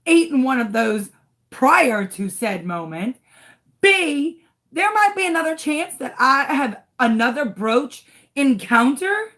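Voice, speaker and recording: Animated woman telling a story. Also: high voice, slow pace. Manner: dramatic, exasperated, swings into shrieks. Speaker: crafting channel host.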